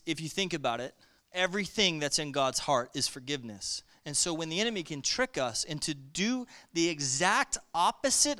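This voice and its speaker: A man preaching a sermon with lively energy, calling on the congregation to respond. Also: sits high, clear, resonant tone.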